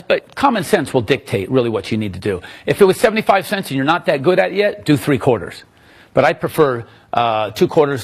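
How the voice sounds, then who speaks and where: A man teaching magic to a live audience in a room, answering questions in a joking, animated, self-mocking way. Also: mid-range voice, breathy edge.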